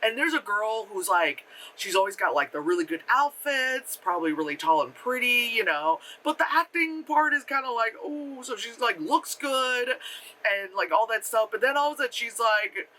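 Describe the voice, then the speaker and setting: A young adult movie reviewer talking casually in a vlog, animated and profane, laughing often and full of fillers. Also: medium pitch, moderate pace. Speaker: effects artist. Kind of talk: casual spoken film review.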